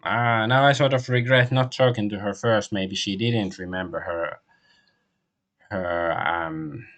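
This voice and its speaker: A man streaming a game, translating the on-screen text aloud as he goes, with frequent pauses and restarts. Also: on the low side, fairly even intonation, fairly bright tone. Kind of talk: live game stream commentary.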